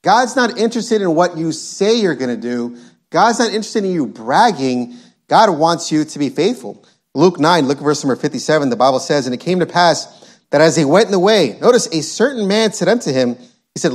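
A man's voice: fairly high pitch, lively intonation, brisk, darkish tone. A male preacher delivering an emphatic sermon, reading scripture and driving points home by repeating them. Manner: emphatic, repetitive, quotes scripture.

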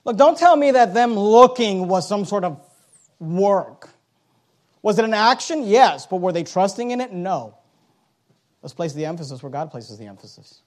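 A man preaching a sermon, reading scripture aloud and swinging from quiet asides to loud, slowed-down emphasis. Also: high-pitched. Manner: reads King James scripture aloud, slowing for emphasis.

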